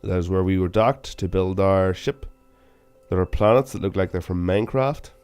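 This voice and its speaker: A young man giving casual, self-mocking game commentary, with sudden loud bursts of excitement. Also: sits low, normal speed, smooth, faint music behind. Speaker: gaming channel host.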